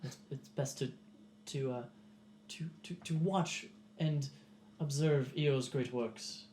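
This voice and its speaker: A man playing a tabletop game in character, speaking earnestly and haltingly. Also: medium pitch, darkish tone, roomy sound, slight background noise. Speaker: player.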